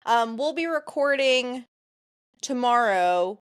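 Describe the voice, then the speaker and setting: Woman co-host, book-club chat, sarcastic and lively, dry close mic. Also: a little high, slow pace, clean tone, no echo. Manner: animated, sarcastic and swearing. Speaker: podcast co-host. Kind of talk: casual book-club chat and read-aloud.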